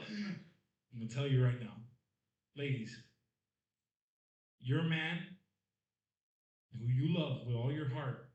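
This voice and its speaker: Stand-up comic in an echoey club. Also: male voice, mid-range voice, normal speed, long pauses. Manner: chatty, teasing the crowd. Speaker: stand-up comedian. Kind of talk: stand-up comedy set. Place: comedy club stage. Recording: echoey club room, from far off.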